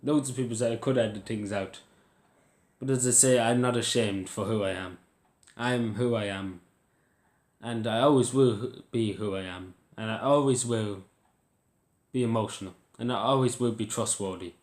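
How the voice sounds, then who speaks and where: An Irish man speaks to camera in a low voice, emotional and rambling, circling back over his words. The recording has a roomy echo around him. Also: moderate pace. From Ireland. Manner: emotional, rambling, repeats "literally" and "like". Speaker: YouTuber. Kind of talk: casual to-camera vlog.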